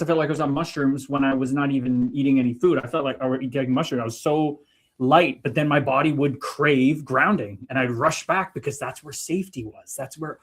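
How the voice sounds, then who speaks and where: A man co-hosting a livestream, telling spiritual stories in an animated way that swings between loud and soft. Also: fairly high pitch, breathy edge. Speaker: livestream co-host. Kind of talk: spiritual casual chat.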